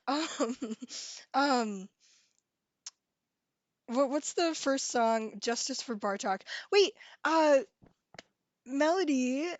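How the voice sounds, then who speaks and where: A young woman with a high voice chats unhurriedly on her live stream, giggling as she reads viewer messages aloud. The audio is dull and lo-fi, with a dry, close sound. She keeps it casual and playful. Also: animated, very slow, long pauses, no echo.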